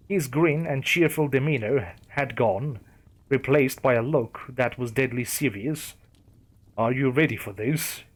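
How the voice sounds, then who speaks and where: A man reads a first-person horror story aloud as its narrator. His delivery is steady and storytelling. His voice sits at an ordinary middle pitch for a man.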